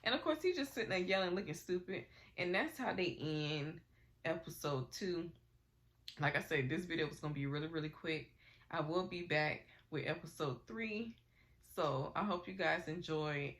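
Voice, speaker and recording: A woman recapping a TV episode in casual, gossipy vlog commentary, talking animatedly and getting over a cold. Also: deep voice. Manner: animated, gossipy retelling with slang and acted quotes. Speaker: recap vlogger.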